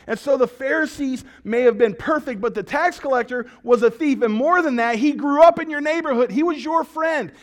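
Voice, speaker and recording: A man's voice: very high-pitched, moderate pace, hardly any pauses. A male pastor preaching a sermon, telling stories with jokes and acted-out quotes. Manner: storytelling, animated and joking, with acted-out quotes.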